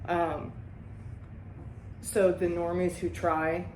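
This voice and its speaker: A woman's voice: lowish voice, little pitch movement, drawn-out words, darkish tone, distant mic, slight background noise. A woman hosting a recovery group talk, speaking bluntly and emphatically with heavy swearing. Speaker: host. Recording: echoey room.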